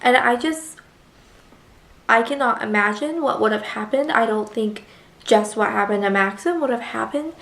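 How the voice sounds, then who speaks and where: A woman's voice: fairly high pitch, echoey room. A young woman reviewing a book in a casual vlog, chatty and gushing with lots of filler words.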